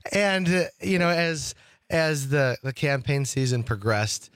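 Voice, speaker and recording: A man's voice: fairly high pitch, fairly even intonation, takes it slowly, a bit bright, clean tone, dry recording, clean studio sound. A man from Wisconsin hosting a talk radio show, chatting casually and rambling with lots of restarts. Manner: rambling, with many restarts and fillers.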